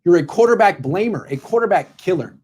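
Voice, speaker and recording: A man's voice: sits high, animated, brisk, darkish tone, slightly rough. A man doing sports opinion commentary, bluntly lecturing a coach directly in the second person.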